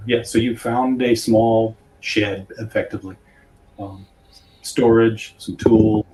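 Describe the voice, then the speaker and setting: A man narrating as game master of a tabletop horror game, halting with many fillers. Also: on the low side, fairly even intonation, warm tone, slight background noise, rough recording.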